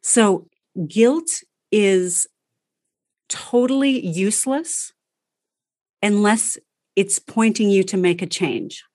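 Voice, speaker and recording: A woman coaching a parent through everyday problems, speaking in a direct, practical and lively way. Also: medium pitch, slow pace, pauses often, no room sound, clean studio sound. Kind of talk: coaching conversation.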